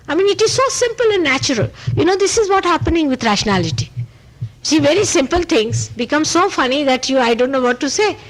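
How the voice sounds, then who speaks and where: A woman with an Indian accent speaks in a fairly high voice, answering questions from her listeners. She is animated and emphatic, and her pitch leaps on the points she stresses. The sound comes from an old archival tape recording. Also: low-quality recording. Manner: speaks in short repeated phrases with "you see". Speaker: spiritual teacher. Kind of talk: spontaneous spiritual talk answering questions.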